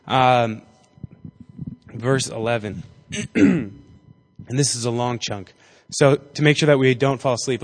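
Chatty man teaching in a big hall. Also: a little high. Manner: chatty and jokey, acting out voices in the story. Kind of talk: casual Bible teaching to a group. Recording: reverberant hall.

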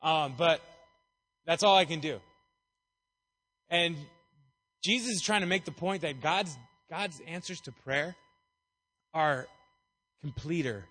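A man's voice: on the high side, slow, long pauses, pushed and bright. A man preaching a casual, playful sermon, chatty and jokey as he talks through a Bible passage. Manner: playful, chatty, acts out voices.

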